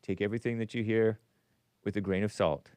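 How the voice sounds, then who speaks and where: A man's voice: on the low side, steady tone, brisk, darkish tone, clear, resonant tone, no echo. A man hosting a casual call-in show, reading viewer messages aloud and joking with chuckles. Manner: joking, chuckles while talking. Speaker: talk show host.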